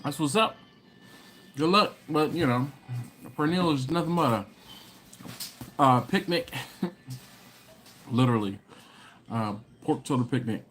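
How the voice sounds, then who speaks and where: A man's voice: a little high, unhurried, pauses often, fairly bright tone, slight background noise. Laid-back man hosting a barbecue live stream. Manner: laid-back and slangy, greets viewers with "what up"; laughs often between comments. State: runny nose, coughing. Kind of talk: casual live-stream chat, reading viewer comments aloud.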